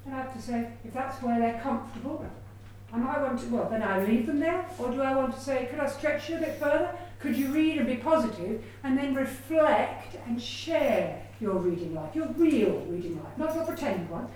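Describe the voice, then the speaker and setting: A woman lectures with a slightly high voice and an easy, chatty flow. She breaks into personal asides as she explains her research. Her voice rings off the walls of an echoey room. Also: normal speed, slight background noise. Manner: lively, chatty, with personal asides and acted quotes. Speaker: education researcher giving a talk. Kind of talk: lecture presentation.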